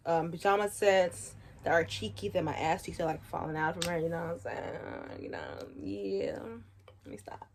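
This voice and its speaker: A woman in her twenties giving frank, slangy advice in a casual vlog chat, often laughing at her own jokes. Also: fairly low pitch. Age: 20s. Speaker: vlogger.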